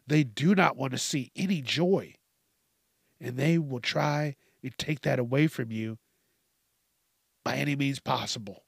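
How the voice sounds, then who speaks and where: A man's voice: mid-range voice, a little slow, vocal fry, long pauses, husky, dry recording, studio quality. A man hosting a casual solo podcast, ranting with lots of swearing and acting out quoted lines. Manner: profane, animated ranting with acted-out quotes. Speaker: podcast host.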